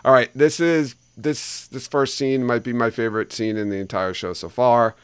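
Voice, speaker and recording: A man's voice: medium pitch, steady tone, normal speed, smooth, no room sound. A man co-hosting a podcast, steering the chat and putting questions to the guest. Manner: moderating, asks guests questions. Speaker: podcast co-host steering discussion. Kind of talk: casual chat.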